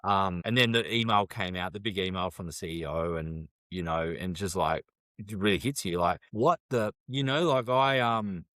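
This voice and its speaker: A man co-hosting a podcast, telling work stories in a casual, animated way and laughing often. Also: deep voice, normal speed, no room sound, clean studio sound. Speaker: podcast co-host. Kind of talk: casual chat.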